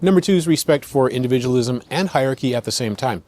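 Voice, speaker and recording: American male podcast host, mid-pitched, chatty explainer who numbers his points and voices quotes. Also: lively intonation, fast talker, a little mellow. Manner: conversational, lists points, acts out quotes. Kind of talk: explanatory commentary.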